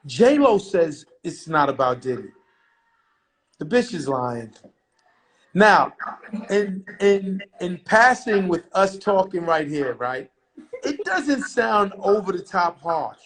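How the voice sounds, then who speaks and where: Slowly recounting an old story as an interview guest, a middle-aged man with a somewhat high voice is brash, profane and animated, acting out what other people said. The recording is low-quality with slight background noise.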